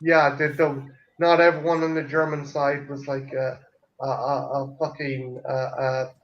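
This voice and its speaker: A man's voice: mid-range voice, flat delivery, measured pace, highs cut off. A man from Ireland with an Irish accent in casual chat as co-host, swearing freely and stumbling over restarts. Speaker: podcast co-host.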